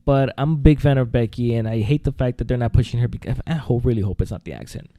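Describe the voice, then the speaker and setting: A man chats casually on a podcast, excitable and quick to laugh. His voice sits mellow and warm. The sound is dry and close, with no room around it. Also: mid-range voice, dry recording. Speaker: podcast co-host. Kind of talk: casual chat.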